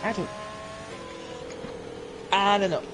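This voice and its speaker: A young man with a high voice and fairly even intonation chats slowly and casually on a live stream as he plays a racing game, rambling and replying to viewers in chat. He's a racing league streamer and commentator, and there's background noise.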